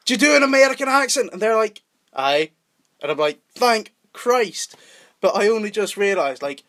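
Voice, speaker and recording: A Scottish man co-hosting a casual podcast chat, laughing often and swearing freely. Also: on the high side. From Scotland. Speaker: podcast co-host.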